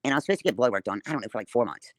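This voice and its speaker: Woman ranting fast on a live stream, swears a lot, defiant, dry close sound. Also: extremely low pitch, expressive, no room sound. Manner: defiant, profane, confrontational. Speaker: livestreamer. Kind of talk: livestream rant to viewers.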